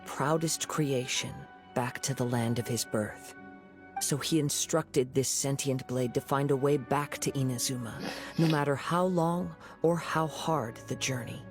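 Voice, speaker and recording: An actor voicing a calm wandering young male swordsman in a video game, speaking in a composed, measured, gentle manner. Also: mid-range voice, close to an everyday voice. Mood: reflective. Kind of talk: game voice acting. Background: game music.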